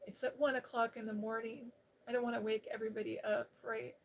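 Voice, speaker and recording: A woman's voice: fairly high pitch, quick pace. Chatty middle-aged woman telling a story. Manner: chatty, animated anecdote telling. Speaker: live-stream host. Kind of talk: casual personal storytelling.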